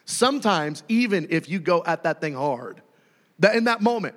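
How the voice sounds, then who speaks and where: High-voiced preacher guy, super lively delivery, acting out voices, big hall echo. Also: moderate pace. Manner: animated, acts out voices, shouts and jokes. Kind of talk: sermon.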